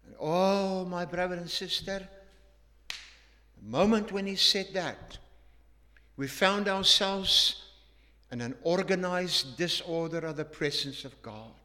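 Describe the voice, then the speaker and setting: Earnest preacher in a reverberant hall. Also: male voice, sits high, takes it slowly, long pauses. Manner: earnest, emphatic, with frequent restarts and hushed drops. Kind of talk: sermon with storytelling.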